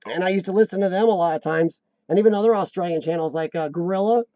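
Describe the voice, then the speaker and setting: High-voiced chatty American man. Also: quick pace, mellow, no room sound, highs cut off. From United States. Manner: rambling, chatty, joking. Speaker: live stream host. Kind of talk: casual live-stream chat.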